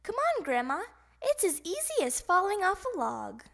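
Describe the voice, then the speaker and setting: A bouncy young frog boy yells in a squeaky, very high voice, as a woman puts him on. He is loud and excitable and swoops all over the pitch range, like a character in a children's storybook read aloud. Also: moderate pace, creaky, heavily acted. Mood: eager.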